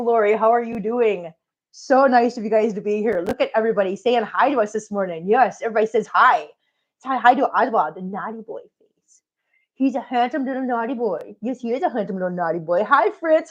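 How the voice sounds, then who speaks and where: Middle-aged woman, casual livestream host at home; chatty, friendly greetings, slightly high pitch. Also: lo-fi sound. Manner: chatty, greets viewers warmly by name. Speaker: cat channel host.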